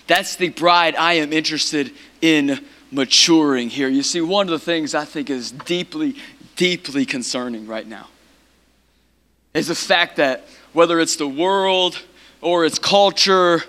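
A man preaching a sermon as pastor of his church, impassioned and repetitive, building to shouted peaks. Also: a little high.

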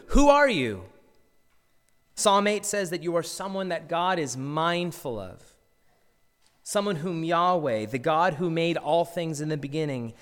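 A man's voice: medium pitch, fairly bright tone, smooth, big-room sound. A male pastor preaching a sermon earnestly, asking his listeners rhetorical questions.

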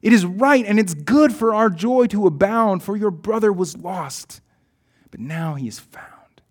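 A man voicing a loving, gentle father in a poem reading, tender and pleading. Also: sits high, animated, unhurried, pitched above the performer's own voice.

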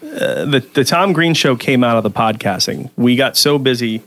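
A man's voice: mid-range voice, animated, moderate pace, fairly bright tone. A man who is a podcast guest, telling stories in a rambling casual chat full of restarts. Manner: rambling, many restarts and fillers.

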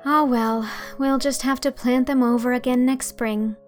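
A woman voicing an imaginative young woman in her own audiobook, speaking in an eager, lively way. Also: high-pitched, moderate pace, soft background music, voice pushed up, lightly acted.

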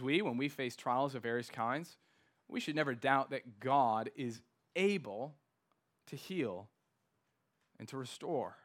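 A man preaching a sermon as pastor, emphatic, slowing down to stress key words. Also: medium pitch, fairly bright tone.

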